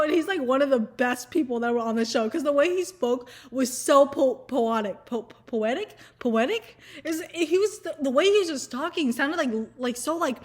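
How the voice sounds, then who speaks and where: A young woman talking casually to camera in an animated, profane rant, sometimes mocking people in put-on voices. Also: high-pitched. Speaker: vlogger. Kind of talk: casual ranting chat to camera.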